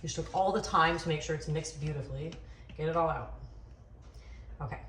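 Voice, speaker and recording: Low-voiced woman, chatty cooking host. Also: a little fast, a bit bright. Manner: chatty, joking, self-deprecating. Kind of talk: casual cooking demonstration. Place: home kitchen. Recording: echoey kitchen, distant mic, background noise.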